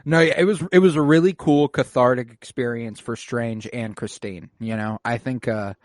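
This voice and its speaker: A man's voice: medium pitch, steady tone, normal speed. A man co-hosting a podcast, reviewing a film in an easygoing chat. His voice sits in a middle range, and the sound is dry and close with no room echo. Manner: laid-back, swearing, acts out characters' lines. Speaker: podcast co-host. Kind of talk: casual movie review chat.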